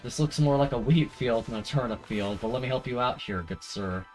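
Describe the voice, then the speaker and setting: A let's play streamer offers playful, jokey commentary during a video game, throwing in silly voices and comic asides. The voice is medium-pitched, brisk and a little mellow, captured in a low-quality recording with faint music behind it.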